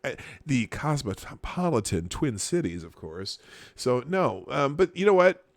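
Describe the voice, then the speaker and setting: A man's voice: medium pitch, big pitch swings, measured pace, gravelly, no room sound. A man from Minnesota, hosting a live stream, reading chat and news with chuckles and sarcastic asides. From Minnesota, USA. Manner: chuckling, sarcastic asides, frequent filler restarts.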